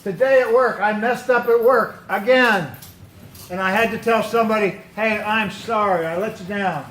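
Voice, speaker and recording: A man speaking as a pastor to a youth football team, lively, quizzing his listeners and repeating their answers. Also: sits high, moderate pace, a little hiss or hum. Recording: echoey room.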